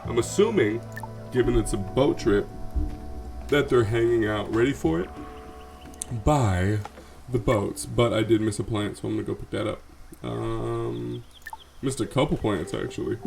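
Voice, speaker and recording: A man's voice: mid-range voice, unhurried, gravelly, long pauses, a little mellow, faint music behind. A man chatting casually as he plays a video game, joking around and reading its lines aloud. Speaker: gameplay commentator. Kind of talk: let's play commentary.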